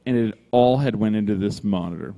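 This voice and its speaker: A man telling a rambling story in casual, animated fashion, swearing freely and acting out the other people's lines, recorded live in a brewery room. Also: fairly low pitch, brisk, big-room sound, a little hiss or hum. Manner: animated, swears freely, acts out quoted voices. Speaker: podcast co-host telling a story.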